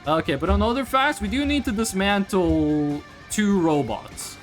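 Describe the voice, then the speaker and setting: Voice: mid-range voice, lively intonation, measured pace, faint music behind. A streamer chatting casually and rambling over gameplay, swearing freely and jumping between topics.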